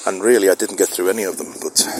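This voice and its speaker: A man's voice: low-pitched, quick pace. A middle-aged man musing aloud in a rambling, self-questioning solo monologue, recorded outside in the wind. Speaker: podcast host. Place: outdoors in the wind.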